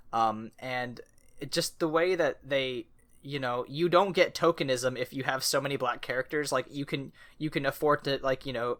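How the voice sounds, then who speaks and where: Male co-host, bright tone, loose rambling conversational delivery. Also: medium pitch. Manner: rambling, many fillers and restarts, laughs often. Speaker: podcast co-host. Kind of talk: casual chat.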